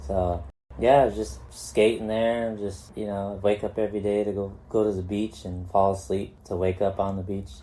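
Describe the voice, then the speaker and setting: Dark-toned and low, with little pitch movement, this middle-aged Californian talks at normal speed over a little hiss or hum. A pro skateboarder appearing as a guest, he spins easygoing stories, cursing freely and laughing as he goes.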